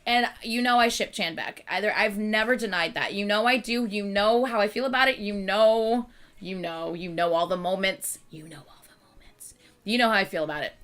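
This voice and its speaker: A woman hosting her channel, chatting casually with viewers in an animated, exasperated rant. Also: medium pitch, a little fast, few pauses. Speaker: channel host.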